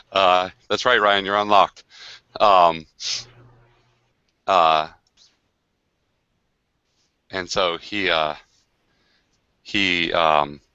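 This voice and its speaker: A man with a deep voice and a bright, forceful edge tells a long game anecdote in a loose, chatty way, full of fillers and restarts. The sound is dry and a little dull, like a video call. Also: extremely slow, long pauses, clean tone, no echo. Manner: rambling, many fillers and restarts, animated. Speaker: game designer on a livestream. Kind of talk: casual storytelling of a game session.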